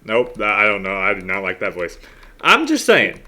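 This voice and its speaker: Man, tabletop player, very bright tone, lively pitch, joking casual talk. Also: moderate pace. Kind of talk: casual chat.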